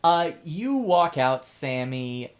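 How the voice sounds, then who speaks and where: A man runs a tabletop game as its game master, setting scenes at an unhurried, deliberate pace. His narration stays measured, then swells with emphasis as the moment builds. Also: a little high, big pitch swings, a crowd in the background. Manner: slow, deliberate narration with rising emphasis on speeches.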